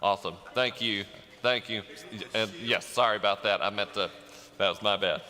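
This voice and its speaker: A man's voice: on the low side, moderate pace, bright, forceful tone. A man leading an orchestra rehearsal, upbeat, scatting rhythms and counting the players in. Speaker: music director leading rehearsal. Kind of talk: rehearsal instructions. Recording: long hall reverb, faint music behind.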